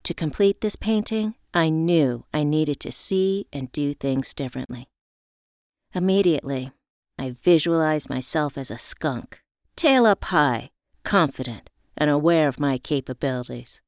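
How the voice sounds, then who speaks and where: A woman narrating a first-person story in a reflective, measured way. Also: sits low, animated, darkish tone, dry recording, clean studio sound.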